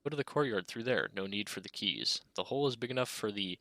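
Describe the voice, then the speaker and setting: A man reading a detective game aloud with a bright, forceful tone set a little low. His delivery is casual and a bit halting, and the close, dry recording has no room sound. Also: dry recording. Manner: casual, halting, reads with asides. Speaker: gaming video creator.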